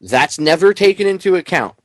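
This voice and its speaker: A man's voice: fairly high pitch, very animated, fairly quick, no echo. A man hosting a political talk radio show, ranting bluntly with heated sarcasm.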